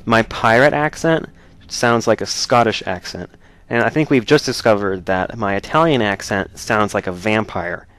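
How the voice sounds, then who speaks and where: A man hosts a let's play, offering jokey, sarcastic commentary as he plays and laughing often. His voice is lowish and a bit bright, at a moderate pace.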